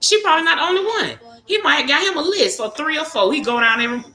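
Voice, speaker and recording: A woman's voice: high voice, expressive, quick pace, bright, forceful tone. Salty, laughing woman host in an echoey room. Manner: frank and salty, lots of cursing and laughter. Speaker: livestream host. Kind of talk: casual chat to viewers. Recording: echoey room with music behind.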